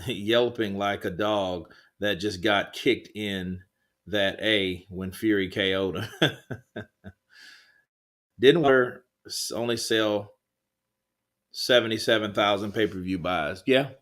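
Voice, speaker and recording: A man's voice: fairly low pitch, fairly bright tone. Laid-back, swearing male stream host. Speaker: livestream host. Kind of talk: casual live boxing chat, reading viewer comments.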